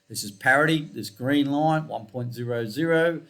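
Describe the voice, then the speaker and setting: A man's voice: medium pitch, normal speed, creaky, a bit bright. A man walking through trading charts in a casual screencast, rambling and correcting himself, with muttered asides. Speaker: forex trading analyst.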